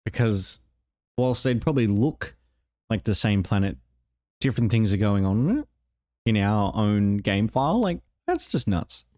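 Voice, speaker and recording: A man with an Australian accent, excitedly breaking down a game trailer and rambling with lots of "like". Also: lowish voice, normal speed, dry recording, clean studio sound. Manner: enthusiastic, rambling, fond of "like". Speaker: gaming video host.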